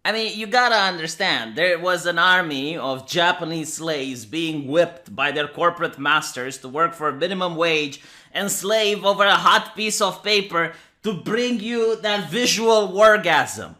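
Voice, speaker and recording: A man's voice: fairly high pitch, unhurried, bright, forceful tone. A man reviewing an anime episode in casual commentary, sarcastic and profane, ranting with rhetorical questions. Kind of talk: casual commentary over clips.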